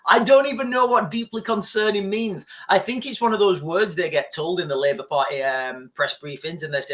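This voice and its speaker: A man talking straight to camera in a loose, rambling vlog commentary, his voice pitched a bit high with a bright, forceful edge. He keeps restarting his sentences and calling out to his viewers as "guys". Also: normal speed, hardly any pauses. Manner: rambling, with frequent restarts and repeated asides to "guys". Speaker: vlogger. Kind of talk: off-the-cuff political commentary to camera.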